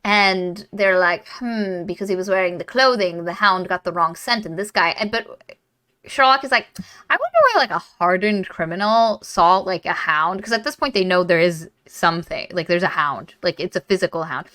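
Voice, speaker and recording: A woman hosting a casual book club podcast, retelling a novel with profanity and quick put-on character voices. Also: lowish voice, poor audio. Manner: animated, profane, acts out characters in silly voices.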